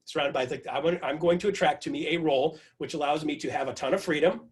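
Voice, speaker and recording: In an online video meeting, a man gives his team an energetic motivational talk, telling a story with lots of repetition. His voice is on the high side and he speaks fast.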